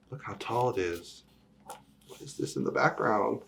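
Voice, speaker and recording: A man's voice: lowish voice, lively intonation, normal speed, creaky, slight background noise. A man reading a picture book aloud to children, often stopping to ask the listener questions. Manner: asks the young listener questions. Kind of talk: children's story read-aloud.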